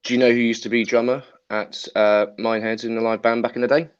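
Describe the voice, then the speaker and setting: A man's voice: mid-range voice, level tone, fast, clean tone. A man co-hosting a podcast, swapping enthusiastic anecdotes in casual chat. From Essex, England. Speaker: podcast co-host. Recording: dull lo-fi sound.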